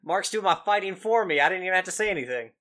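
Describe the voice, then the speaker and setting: A man with a Kentucky twang co-hosts a casual gaming podcast, joking and poking fun at the others. His voice sits a little high and sounds bright and forward. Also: expressive, rapid-fire. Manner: joking, playfully needling. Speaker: podcast co-host.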